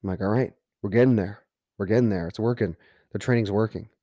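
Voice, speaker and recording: A man's voice: on the low side, quick pace, dark tone, no room sound, clean studio sound. A man hosting a podcast, telling a personal story in an earnest way that builds to emphatic motivational points. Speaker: podcast host.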